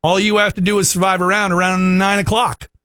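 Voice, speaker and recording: A man's voice: sits high, flat delivery, brisk, pushed and bright, no room sound, studio quality. A man co-hosting a morning radio show, joking around in casual banter and stumbling over his words now and then.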